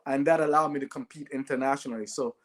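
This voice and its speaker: Telling stories quickly in a medium-pitched voice, a male podcast guest from Jamaica, once an Olympic sprinter, stays animated throughout. He often punctuates his lines with "right?".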